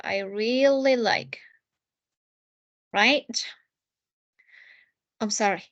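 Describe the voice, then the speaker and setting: Lady teaching english online, high voice, takes it slow, keeps asking "right?". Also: a bit bright. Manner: slow, patient, checks in with students often. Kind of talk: online language lesson.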